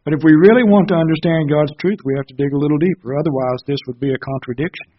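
A man's voice: fairly high pitch, racing, highs cut off. A man preaching a Bible sermon, earnestly explaining verses step by step.

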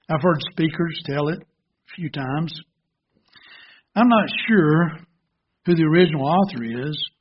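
Slow husky-voiced man preaching. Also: a little high, lo-fi sound. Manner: slow, earnest, gently illustrative. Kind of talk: sermon with storytelling.

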